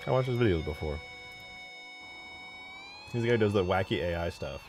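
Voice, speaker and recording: A man's voice: low-pitched, normal speed, creaky, long pauses, soft background music. A young man casually chatting with his livestream chat while modding a game, joking around and swearing often. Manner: animated, swears often, jokey banter with chat. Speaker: streamer modding a video game.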